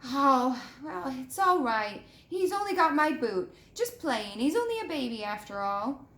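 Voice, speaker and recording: A woman voicing a big, soft-hearted male gamekeeper who talks in a fond, blustery way, recorded in an echoey room. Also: sits high, sing-song, unhurried, exaggerated voice. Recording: echoey room with faint ambience.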